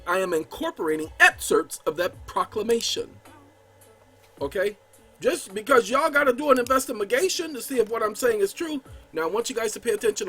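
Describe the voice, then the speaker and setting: A man with a high voice lectures his viewers in a casual, emphatic way, repeating himself and stumbling over words. He reads legal text aloud with heavy stress, and soft music plays faintly underneath. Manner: emphatic, repetitive, stammers and restarts; addresses viewers as y'all. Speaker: channel host. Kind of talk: casual explainer while editing a document.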